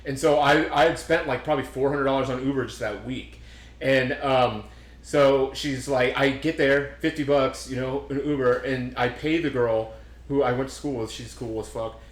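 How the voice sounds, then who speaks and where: A man's voice: mid-range voice, steady tone, normal speed. Young man telling rambling swear-filled stories. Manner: rambling storyteller, swears a lot, acts out quotes. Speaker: podcast host. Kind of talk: casual chat. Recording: roomy echo.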